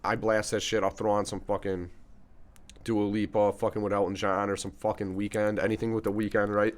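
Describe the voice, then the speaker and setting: Casting: male podcast host, very low voice, laid-back, cusses a lot in easy banter. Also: little pitch movement, moderate pace. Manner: laid-back, swears freely. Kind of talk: casual podcast chat.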